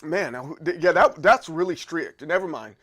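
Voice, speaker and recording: A man's voice: on the high side, expressive, normal speed, a bit bright. A man in his thirties hosting a livestream, chatting casually through viewer comments and often stopping to repeat words as he thinks aloud.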